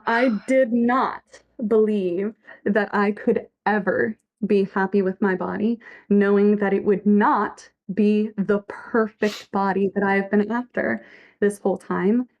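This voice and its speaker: A woman's voice: mid-range voice, a little mellow. A woman giving casual livestream commentary as a fanfic author, earnest and reflective, reading chat messages aloud.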